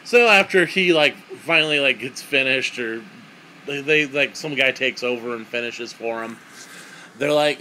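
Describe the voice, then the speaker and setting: A man's voice: mid-range voice, unhurried, pushed and bright, a little hiss or hum, low-quality recording. A young man giving a crude, sarcastic, rambling comedic movie review.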